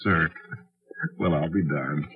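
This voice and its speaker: An actor playing a flustered, folksy young time traveler who tells his story haltingly in an old radio drama. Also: rumbling low. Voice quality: folksy, halting, full of uhs and gee. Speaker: time traveler narrating his own tale. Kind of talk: 1940s radio acting. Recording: tinny old radio broadcast with music.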